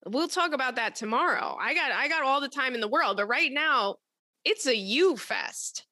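A young woman hosting an advice show, talking in a blunt, profane, animated way as she tells stories and reads listener letters. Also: sits high, normal speed, dry recording, clean studio sound. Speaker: advice podcast host. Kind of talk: casual advice chat.

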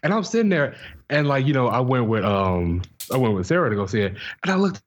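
A man's voice: mid-range voice, very animated, fast, slight background noise. A young man co-hosting a podcast, ranting animatedly in casual chat and acting out his own reactions. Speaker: podcast co-host.

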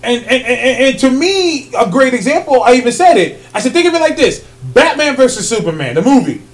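On a casual podcast, this male co-host stays animated, laughs a lot, and fills gaps with ums. Excitement pushes his voice up, both louder and higher.

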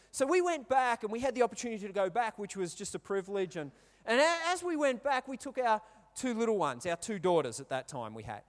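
Aussie pastor guy telling stories in his sermon, high pitched, hall reverb. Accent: Australian. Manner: chatty, storytelling, asks the crowd questions.

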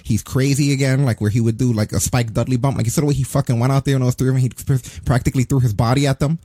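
Man in his forties, profane casual rant, quick delivery, dry close sound. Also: medium pitch, husky, no room sound. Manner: profane, ranting, animated. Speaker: podcast co-host. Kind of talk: casual wrestling review chat.

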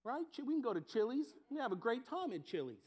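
Male pastor, very high voice, preaching with lively acted-out scenes. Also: fast. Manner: storytelling, acting out everyday scenes. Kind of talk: sermon.

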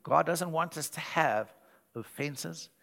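A man, a pastor, preaching a sermon in church with lively storytelling that swings between loud and hushed delivery. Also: a little high, slow pace, creaky.

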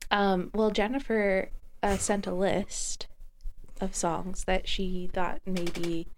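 A woman's voice: medium pitch, little pitch movement, slow, a little hiss or hum. A woman co-hosting a radio music show, chatting casually with a dry, teasing manner.

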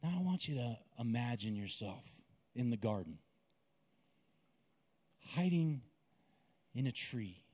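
A man preaching a sermon and guiding listeners through a visualization, with a slow, intimate, dramatic delivery. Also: medium pitch, darkish tone, husky.

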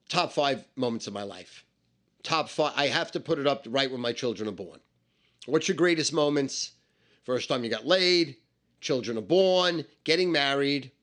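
A man telling a story about his own past in an animated, emphatic way, with lots of swearing and repetition. He explains things step by step and repeats the numbers. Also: mid-range voice, moderate pace, long pauses. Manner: emphatic and profane, with many repetitions.

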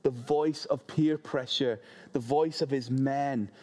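A man preaching a sermon, reading scripture and telling lively, humorous stories. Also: mid-range voice, slow. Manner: animated, humorous storytelling.

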